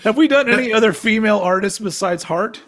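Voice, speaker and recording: A male podcast co-host with a high, slightly bright voice talks fast in a casual show. He drifts off on tangents, curses freely and laughs often as he speaks.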